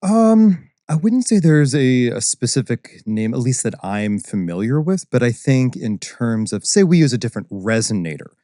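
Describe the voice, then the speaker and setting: A man, a baritone singer and voice instructor, explaining ideas in an articulate, teacherly way as a podcast guest. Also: big pitch swings, normal speed, hardly any pauses, warm tone, no echo, studio quality. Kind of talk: podcast interview.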